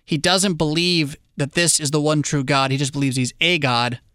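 A male pastor retelling scripture in an easy, conversational sermon style, dropping wry asides as he goes. His voice sits somewhat high, and the sound is dry and close. Animated when he leans into the story. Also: moderate pace, clean tone, dry recording.

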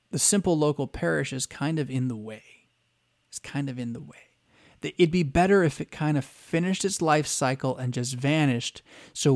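A pastor giving a conversational teaching lecture, often checking in with his listeners by asking "right?". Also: mid-range voice.

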